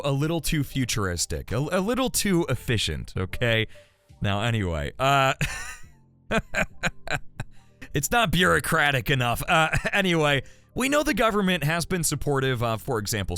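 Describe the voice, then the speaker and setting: Chatty, animated man with a tired voice. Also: medium pitch. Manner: chatty, animated, full of restarts and asides. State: tired, strained voice. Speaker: host of an electric car news channel. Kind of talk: casual solo commentary.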